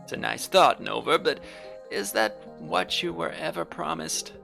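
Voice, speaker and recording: A man voicing a calm, wise female friend, reading game dialogue in a reflective, gently persuasive way. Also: a little high, unhurried, gravelly, faint music behind, heavily acted.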